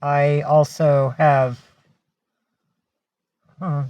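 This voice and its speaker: A woman's voice: low voice, little pitch movement, extremely slow, warm tone, no room sound, dull audio. A middle-aged woman hosting a casual livestream, who chats, reads out viewer names and coos at her pets. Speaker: livestream host.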